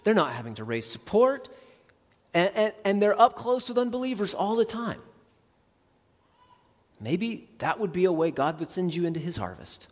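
A man preaching a sermon as a pastor, conversational and animated, acting out quick asides. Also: high voice, big-room sound.

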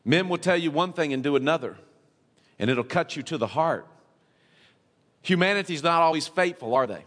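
A male pastor preaching a sermon, asking his listeners question after question and swinging between quiet, low stretches and emphatic peaks. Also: lively intonation, normal speed, pauses often. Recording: long hall reverb.

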